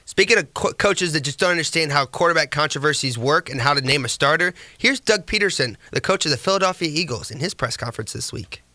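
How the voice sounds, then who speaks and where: A man's voice: on the high side, animated, quick pace, few pauses, pushed and bright, a little hiss or hum. A man hosting a sports podcast, giving casual, sarcastic commentary that rambles. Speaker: podcast host.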